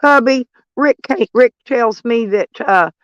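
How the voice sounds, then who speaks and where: A woman's voice: on the high side, slow, no room sound, lo-fi sound. A woman, chatting to her viewers from inside her van in a rambling, folksy and salty way. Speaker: vlogger. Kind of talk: casual rambling chat to viewers.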